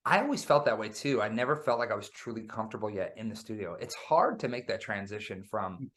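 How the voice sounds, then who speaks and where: A man talking about making a record in a relaxed, animated interview. He tells stories with plenty of energy and keeps dropping "man" into his sentences. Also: fairly low pitch, fast. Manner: animated storyteller, says "man" often. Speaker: guest musician. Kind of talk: casual interview chat.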